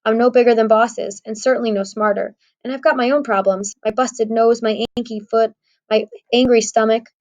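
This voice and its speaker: A woman's voice: fairly high pitch, steady tone, brisk, a little mellow, low-quality recording. A woman narrating an audiobook in the first person, wry and conversational.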